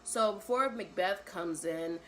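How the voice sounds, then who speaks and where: A woman's voice: fairly low pitch, a little slow, a little hiss or hum, rough recording. A young woman retelling a classic play in casual slang, mixing read verse with her own summary and often adding "right?".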